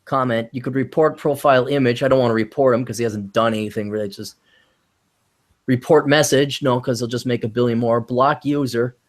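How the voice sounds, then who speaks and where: A man's voice: medium pitch, fairly even intonation, a little fast. A man hosting a casual livestream, rambling and reading chat comments aloud. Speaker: livestream host.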